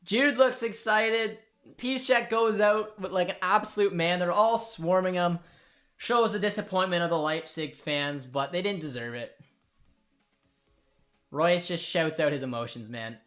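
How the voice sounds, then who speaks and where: A young man hosting a live football watchalong, reacting with excitement and emotion and talking to his viewers. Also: high voice, measured pace, soft background music. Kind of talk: live match watchalong commentary.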